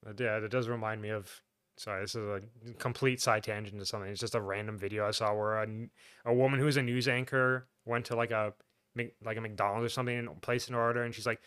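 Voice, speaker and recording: Smooth-voiced man rambling through a movie recap. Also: fairly low pitch, steady tone, fast, a bit bright, dry recording, studio quality. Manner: rambling, laughing, full of "like" and restarts. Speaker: podcast co-host. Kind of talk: casual movie recap chat.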